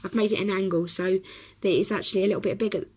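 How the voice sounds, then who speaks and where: A woman with a hoarse, croaky voice from a cough, explaining a craft project step by step in a chatty way with many pauses. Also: medium pitch, fairly even intonation, darkish tone, rough recording. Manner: chatty, talks while working, many ums. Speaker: craft tutorial host. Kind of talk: casual craft tutorial.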